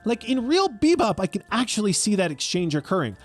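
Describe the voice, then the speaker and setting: A young man giving opinionated commentary as a video essay host. He is animated, profane and sarcastic, and acts out quotes. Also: sits high, fairly quick, soft background music.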